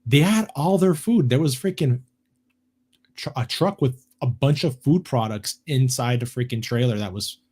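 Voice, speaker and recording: Man, casual podcast chat, mid-pitched voice, halting with fillers. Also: husky. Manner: relaxed, hesitant with many fillers. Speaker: podcast co-host.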